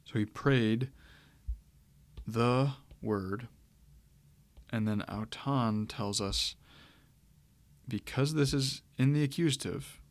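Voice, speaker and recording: A man teaching a lesson on grammar, talking it through in a relaxed way, with pauses and restarts. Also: medium pitch, no echo. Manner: relaxed, thinking aloud with fillers and restarts. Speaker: Greek teacher. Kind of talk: lecture.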